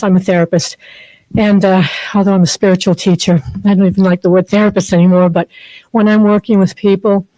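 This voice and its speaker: A woman's voice: mid-range voice, warm tone, no room sound, rough recording. Heartfelt woman giving a rambling spiritual talk. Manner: heartfelt, rambling storytelling with many fillers. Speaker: guest speaker, therapist and spiritual teacher. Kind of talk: personal spiritual talk to a group. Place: chapel.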